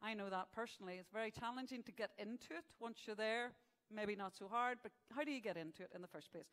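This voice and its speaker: Between announcements at a live awards event, a woman with a mid-range, fairly bright voice jokes with the crowd. The recording has a big-room sound from the event venue stage. Her stand-up style hosting is chatty and jokey, built on gags with punchlines.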